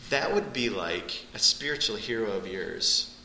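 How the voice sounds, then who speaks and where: Male Bible teacher, piercingly bright voice, animated expository style, echoey room. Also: measured pace, slight background noise. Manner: animated, surges in pitch on key points.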